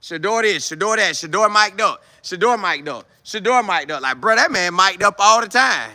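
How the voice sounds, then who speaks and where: A man hosting a loose football talk show, his voice high and strikingly bright. He talks in slang and breaks into little impressions of players' banter. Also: normal speed, dry recording, clean studio sound. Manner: animated, slangy, acts out players' chatter. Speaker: sports show host. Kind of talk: casual sports talk.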